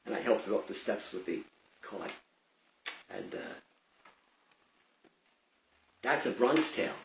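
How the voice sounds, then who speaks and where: An older man telling a personal story out loud in a rambling, conversational way with many restarts. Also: on the low side, wildly swooping pitch, slow pace, creaky, slight background noise. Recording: roomy echo.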